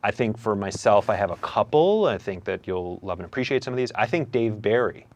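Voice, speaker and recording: A man's voice: on the low side, expressive, brisk. A young adult man, a comedian and host, answering interview questions in a reflective, hesitant way with many fillers and restarts.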